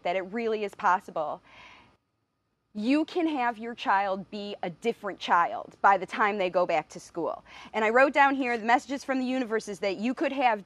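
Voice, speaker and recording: A woman's voice: medium pitch, no room sound. A middle-aged woman, a speech pathologist, speaking earnestly and with emotion to viewers of her live video, laughing now and then. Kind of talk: emotional live stream address. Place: standing outside by a window.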